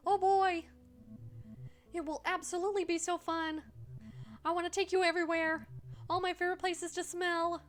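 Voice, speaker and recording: A woman's voice: extremely high pitch, flat delivery, normal speed, pauses often, faint music behind. A woman voicing a cheerful, loyal male hellhound dog in a game, reading his lines eagerly.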